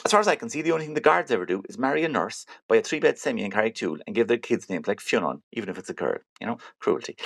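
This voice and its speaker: Smug Cork man with a gravelly voice. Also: mid-range voice, fairly bright tone. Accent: Cork Irish. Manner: smug, pompous businessman. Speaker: comic character host. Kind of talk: comedic monologue.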